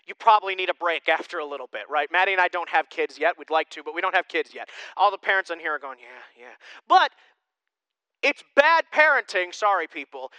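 A young man delivers a sermon with a bright, forceful voice that stays smooth and clear. He talks in an animated, joking, conversational way, and the sound is dry and close. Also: high voice, no room sound, low-quality recording. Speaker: pastor.

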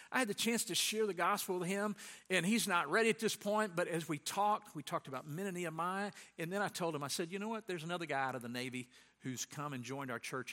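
A man preaching as a pastor, telling a personal story in an animated way and acting out what people said. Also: a little high. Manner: animated storyteller, acts out quoted voices. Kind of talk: sermon with storytelling.

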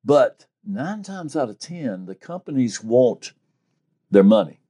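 Speaking slowly in a mid-range voice, a private investigator recounts stories during an interview. He performs the quoted lines with real life, telling them in an animated way.

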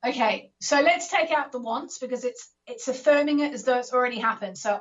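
Woman, astrology call-in host, higher voice, encouraging, coaching callers, dull lo-fi audio. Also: a little fast, few pauses. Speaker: astrologer hosting a call-in show.

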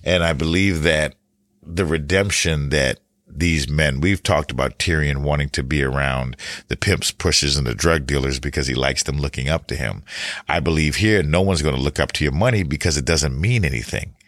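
A man talking through a TV series recap and analysis in a thoughtful, casual way, pausing and restarting as he goes. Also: extremely low pitch, a bit bright, no room sound, studio quality. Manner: thoughtful, with frequent pauses and restarts.

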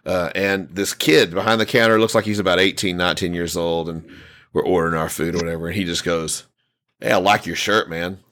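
A man's voice: deep voice, little pitch movement, quick pace, fairly bright tone. A man hosting a podcast, telling stories in a loose, rambling way full of restarts and fillers. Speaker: podcast host. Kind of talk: casual chat.

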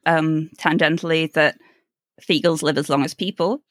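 A woman co-hosting a casual book discussion podcast, chatty, laughing often and throwing in animated asides. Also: low-pitched, moderate pace, no room sound, studio quality. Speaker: podcast co-host.

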